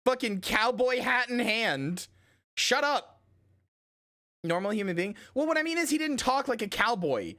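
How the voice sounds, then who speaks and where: A woman streamer telling a story in casual stream chat, animated and rambling, and swearing casually. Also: fairly high pitch, measured pace.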